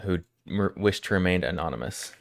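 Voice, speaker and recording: A man's voice: low-pitched, lively intonation, a little fast, gravelly, dry recording. A man live-streaming, chatting casually and jokingly with his viewers as he answers their questions.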